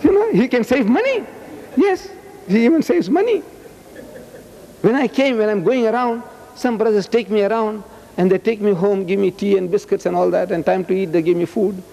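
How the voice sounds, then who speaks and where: A man in his seventies giving a public lecture in a loud, roaring, emphatic voice, repeating his points. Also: moderate pace, vocal fry, dull audio. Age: 70s. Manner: emphatic, repeats phrases, swings high and low. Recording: long reverb of a lecture hall.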